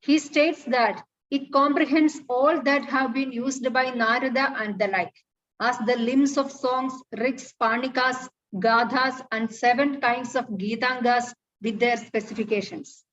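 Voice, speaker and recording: A woman's voice: a little high, fairly even intonation, fairly bright tone. Woman, formal paper reading, distant dull recording. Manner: measured formal reading, recites Sanskrit verses. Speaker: academic paper presenter.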